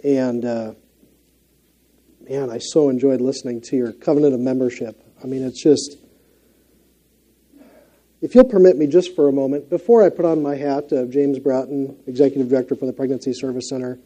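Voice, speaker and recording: A man's voice: medium pitch, fairly even intonation, moderate pace, long pauses, mellow. A middle-aged man with a Minnesota accent gives an earnest, conversational sermon as a guest preacher, with frequent fillers and restarts.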